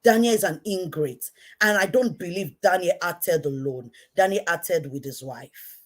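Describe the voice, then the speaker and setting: A woman with a Nigerian accent and a low, weighty voice delivers an impassioned rant straight to camera. She hammers each point by saying it twice, dropping to a quiet, pointed tone and then flaring up into shouting. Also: measured pace. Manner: repetitive, emphatic, swinging from quiet to shouting. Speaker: online commentator.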